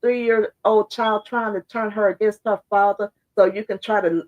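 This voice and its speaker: A hoarse, congested woman holds forth in a casual, fired-up commentary, talking straight to her viewers. Her pitch sits in an ordinary middle range. The recording is dull and lo-fi. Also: fairly even intonation, normal speed, darkish tone. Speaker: social media commentator.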